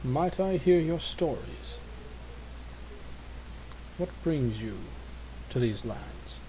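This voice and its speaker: A man voicing a gentle old wanderer who speaks slowly and formally, in an old-fashioned way. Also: fairly high pitch, expressive, low-quality recording. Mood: courteous. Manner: slow, courteous, formal old-fashioned speech.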